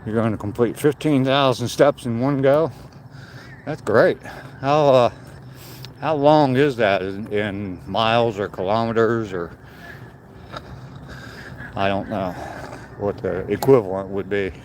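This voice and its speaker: An older man, chatting in a relaxed, rambling way on a live walk and greeting viewers by name. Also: on the low side, unhurried, long pauses, a little hiss or hum. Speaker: vlogger walking and reading chat. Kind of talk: casual chat on a live walk. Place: outdoors on a walk.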